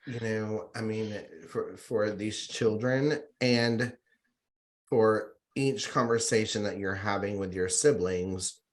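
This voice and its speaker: A male podcast host with a lowish voice responds slowly and reflectively to his guest. He restarts his phrases as he feels his way into the next question. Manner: reflective, halting. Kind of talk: interview.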